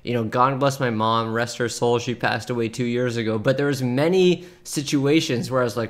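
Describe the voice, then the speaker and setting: A man in his thirties, mid-pitched, talking through posts in a loose, chatty streamer way. He laughs often and breaks into quick asides while reading aloud. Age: 30s. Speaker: streamer reacting to online posts. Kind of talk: casual reaction commentary.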